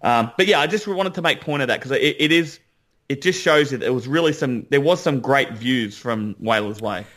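A man co-hosting a podcast, enthusiastic and halting, restarting his sentences. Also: mid-range voice, fairly bright tone. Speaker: podcast co-host. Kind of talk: casual recap chat.

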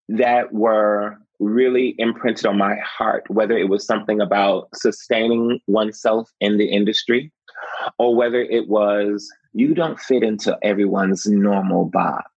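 Husky low-voiced man telling stories. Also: a little slow, no room sound. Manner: expressive, laughs often, acts out quotes. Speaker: actor, interview guest. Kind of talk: animated storytelling in an interview. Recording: slightly muffled, dry.

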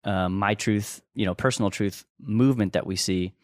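A man's voice: fairly low pitch, normal speed, a little mellow, dry recording, clean studio sound. A man co-hosting a podcast, talking in an earnest, rambling way with restarts and chuckles. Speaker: podcast co-host. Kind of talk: casual conversational podcast teaching.

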